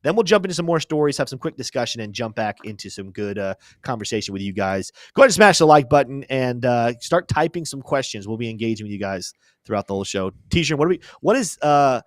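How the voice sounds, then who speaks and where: A man's voice: medium pitch, animated, quick pace, no room sound. A young man talks through charts on a live crypto stream in a loose, chatty way. He keeps cracking jokes at his own expense. His voice sits in the middle range, and the recording is dry with no room sound. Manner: chatty, joking, self-deprecating asides. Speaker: crypto show host. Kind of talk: casual live-stream market commentary.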